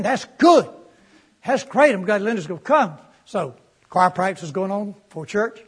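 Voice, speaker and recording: A preacher tells a story from the pulpit in a folksy, animated way, with a touch of humor. His voice is high for a man and husky. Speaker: pastor. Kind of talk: storytelling sermon.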